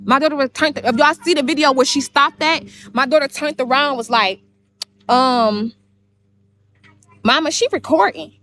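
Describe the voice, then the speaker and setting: A woman's voice: high voice, moderate pace, sharp tone. A woman on a livestream, telling a long story in a rambling way, cursing and repeating herself. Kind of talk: heated livestream monologue.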